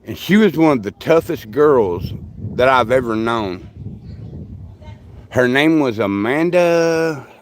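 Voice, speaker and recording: A man's voice: medium pitch, expressive, slow, pauses often, slight background noise. An older man, rambling through folksy stories while chatting with viewers on a livestream. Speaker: livestream host. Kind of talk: casual live chat with viewers.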